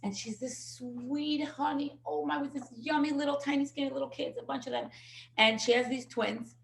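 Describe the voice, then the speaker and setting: Animated woman in an echoey room. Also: sits high, normal speed, gravelly. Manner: animated storyteller who acts out quotes and sprinkles in Yiddish words. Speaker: parenting class teacher. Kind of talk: casual class talk.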